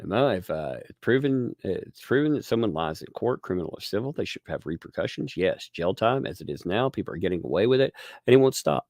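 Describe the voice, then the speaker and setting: A man hosting a casual livestream, talking in an animated, rambling way with many restarts while reading viewer donations. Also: low-pitched, brisk, no room sound, clean studio sound.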